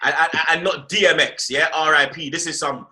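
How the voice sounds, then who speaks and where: A man leads a loose football chat. He talks in an animated, slang-heavy way and keeps repeating his catchphrases. His voice comes out very bright and a touch high. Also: brisk. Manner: animated slangy talk, repeats "blood" and "you get me". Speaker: host.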